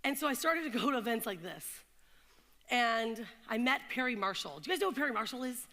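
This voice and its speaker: Woman, thirties, motivational speaker, bright edgy voice, hall reverb. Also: a little high, fairly quick. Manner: animated storyteller, asks the crowd questions. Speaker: keynote speaker. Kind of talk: motivational talk to an audience. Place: event hall in London.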